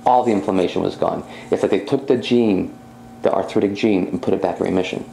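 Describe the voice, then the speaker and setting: A man, a psychic medium, telling his own experience as an animated personal testimony, acting out what he said at the time. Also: low voice, fast talker, gravelly. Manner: animated storytelling, reenacting his own speech. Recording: roomy echo with faint background hum.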